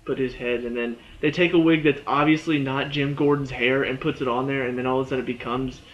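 A man's voice: medium pitch, fairly even intonation, fast talker, dull audio. A man giving a casual, rambling spoken review of a TV episode, full of "you know" and "like".

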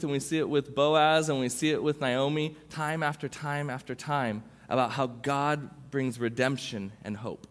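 A young adult man preaching as a youth pastor, telling a personal story informally with restarts. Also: on the high side. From Southern California. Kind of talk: sermon. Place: church sanctuary. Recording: long reverb from a church hall.

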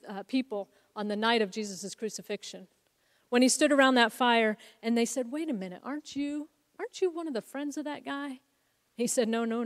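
A woman preaching a sermon as co-founder of a ministry, telling a Bible story in an earnest, reflective way. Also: medium pitch. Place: church sanctuary. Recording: long hall reverb.

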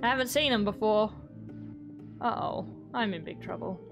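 A woman's voice: mid-range voice, normal speed, creaky, music in the background. A young woman giving playful let's play commentary, chatting to the game's characters as she goes. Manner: playful, talks to game characters. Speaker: gaming YouTuber.

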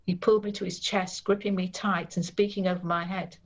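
A woman novelist reading from her book and talking about it in an interview, steady and measured, in a dull recording. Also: fairly low pitch. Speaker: novelist guest. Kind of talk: reading aloud then interview.

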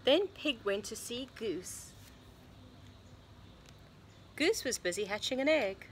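A preschool teacher, a woman, reading a picture book aloud to young children in a sing-song storybook voice with hushed asides. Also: a little high, lively intonation, slow pace, a little hiss or hum. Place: home or classroom, recording online lesson.

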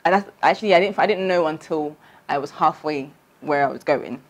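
Lively woman telling a story. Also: fairly quick. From London. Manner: animated storytelling, acting out her own past voice with big pitch jumps. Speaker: vlogger. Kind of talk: storytime vlog.

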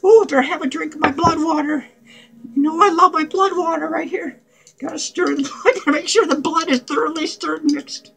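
A man's voice: very high voice, fairly even intonation, normal speed, creaky, a bit bright, full character voice, poor audio. A man playing a manic, unhinged male clown who rambles giddily and crudely in a comedic character vlog, cackling and swearing. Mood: giddy. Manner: cackling, profane, giddy rambling.

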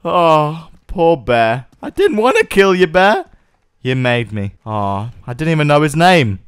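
A man giving jokey, casual gameplay commentary, yelling and joking at game animals. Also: fairly high pitch, sing-song, takes it slowly, clear, resonant tone, dry recording. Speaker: gaming YouTuber.

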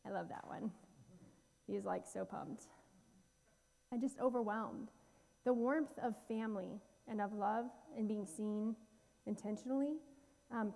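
A woman's voice: mid-range voice, normal speed, vocal fry, long pauses, warm tone, in a large hall. A woman guest speaker giving a heartfelt church talk about slides, earnest and full of fillers and restarts. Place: church sanctuary.

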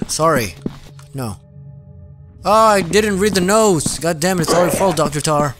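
A man's voice: on the high side, normal speed, vocal fry, long pauses. A young man playing a horror game on his channel, jumpy and swearing, yelping and laughing at the scares. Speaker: gaming channel host. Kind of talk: let's play commentary. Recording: game music behind.

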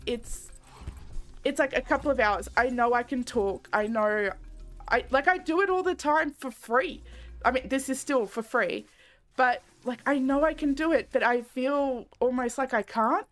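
Chatty woman streamer, higher voice. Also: unhurried, soft background music. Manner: rambling, candid, soft-spoken, laughs often. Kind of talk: casual live-stream chat while gaming.

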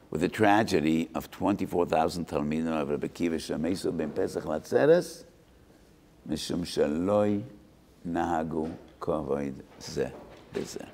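An older man giving an earnest, measured Torah talk and mixing in Hebrew and terms. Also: sits low, gravelly, darkish tone.

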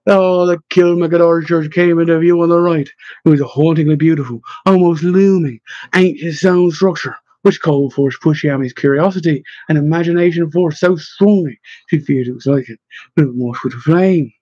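A man reading a story aloud in measured, expressive narration. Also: on the high side, no echo, highs cut off. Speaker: audiobook narrator. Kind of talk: scripted narration.

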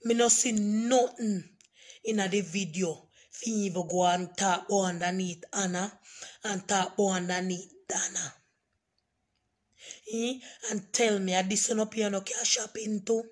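A hoarse woman, scolding and repeating herself emphatically in a ranting vlog. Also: mid-range voice, darkish tone. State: hoarse, voice nearly gone. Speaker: online commentator.

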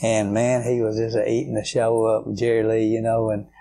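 A man's voice: on the low side, completely flat delivery, moderate pace, gravelly, warm tone, a little hiss or hum. An older man, telling rambling, folksy stories as a guest in an interview. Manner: rambling, folksy, many fillers. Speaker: guitarist guest. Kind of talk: storytelling interview.

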